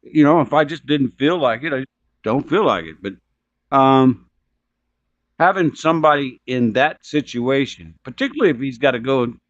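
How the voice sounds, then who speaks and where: A man's voice: medium pitch, lively intonation, moderate pace, dry recording, lo-fi sound. A man talking casually on a stream, blunt and profane, giving strong opinions. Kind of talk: casual chat.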